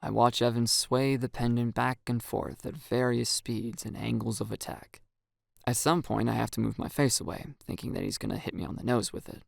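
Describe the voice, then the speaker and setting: Gravelly-voiced man narrating a story. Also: medium pitch, steady tone, normal speed, dry recording, clean studio sound. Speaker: audiobook narrator. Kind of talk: first-person story narration.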